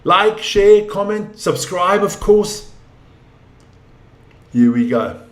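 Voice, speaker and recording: An older man giving casual, excitable live rugby commentary, chatting and joking as he goes. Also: high voice, takes it slowly, reverberant.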